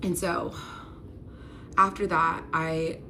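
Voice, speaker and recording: A woman's voice: sits low, little pitch movement, slow pace, noisy background. A young woman telling a personal story to her phone camera, candid and earnest, with a casual "like" running through her talk. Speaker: real estate agent telling her story.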